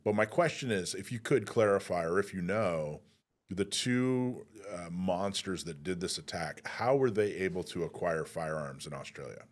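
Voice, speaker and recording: A man's voice: sits low, animated, normal speed. A man hosting a talk radio interview, conversational, with restarts, building to pointed questions. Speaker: host.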